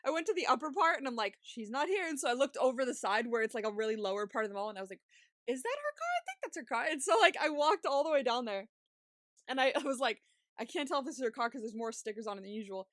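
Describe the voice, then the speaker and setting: A woman's voice: on the high side, fast, fairly bright tone, no room sound, clean studio sound. A young woman co-hosting a podcast, telling a long story in a chatty, laughing way with lots of swearing and fillers. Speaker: podcast co-host. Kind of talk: casual storytelling chat.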